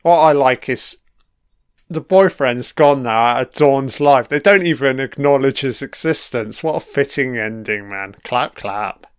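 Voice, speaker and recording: A man's voice: medium pitch, measured pace, clear, resonant tone. A man giving a casual, sweary audio commentary and calling his listeners "man" as an emotional, enthusiastic fan. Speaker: podcast commentator.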